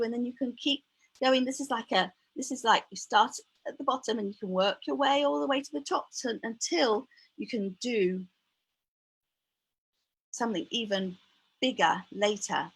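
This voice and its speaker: A woman's voice: sits high, a bit bright, breathy edge, rough recording. Bubbly woman teaching children to count. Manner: bubbly, encouraging, sing-song counting. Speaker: early years maths teacher.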